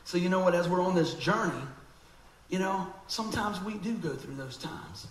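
A man preaching a sermon in an animated, conversational way, acting out quoted voices. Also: high-pitched, normal speed, reverberant, poor audio.

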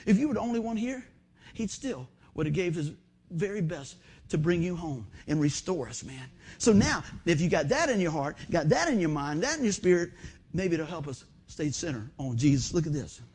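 A man's voice: on the high side, sing-song, moderate pace, darkish tone, slightly rough. A man preaching a sermon in a folksy, storytelling way, often saying "man". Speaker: pastor.

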